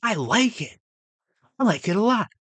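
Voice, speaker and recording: A young man reacting to a movie ranking, swearing often and swinging between loud exasperated outbursts and low muttering. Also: big pitch swings, normal speed, husky, no room sound. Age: young adult. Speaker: film reaction vlogger. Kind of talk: ranting reaction to a movie list.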